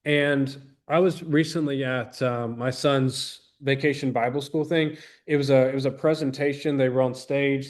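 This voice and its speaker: A man's voice: medium pitch, darkish tone. A man in his thirties, a business trainer giving an earnest, rambling motivational talk to an audience, full of restarts and acted-out quotes.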